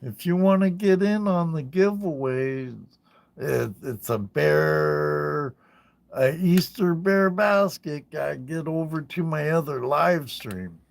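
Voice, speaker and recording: A man's voice: fairly high pitch, expressive, slow, gravelly. A man hosting a casual livestream, chatting with viewers by name and often repeating his phrases. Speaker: livestream host.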